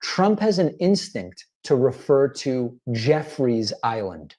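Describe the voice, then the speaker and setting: A man walks viewers through clips with analytical, deliberate commentary. His voice sits in an ordinary middle range and he sometimes slips into suppressed laughter. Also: medium pitch, very animated. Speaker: political commentator. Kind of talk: commentary over played clips.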